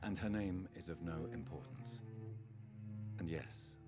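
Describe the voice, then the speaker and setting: A man's voice: deep voice, animated, unhurried, music in the background. An actor voicing a somber, guilt-ridden undead son speaking earnestly and tenderly to his mother in a game. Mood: sorrowful. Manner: earnest and restrained. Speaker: game protagonist. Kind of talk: video game voice acting.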